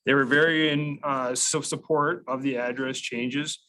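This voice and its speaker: A man's voice: medium pitch, fairly even intonation, unhurried, pushed and bright, a little hiss or hum, low-quality recording. A man on county staff explaining an address change to a committee in a methodical way, with frequent fillers and restarts. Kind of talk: public meeting explanation.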